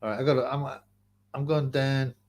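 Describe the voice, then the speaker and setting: Young man, casual streamer host, slangy rambler, middle-pitched voice. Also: level tone, a little fast, a little mellow. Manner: rambling and slangy, laughs often, trails off into mumbles. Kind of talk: casual live-stream chat reading donations and questions.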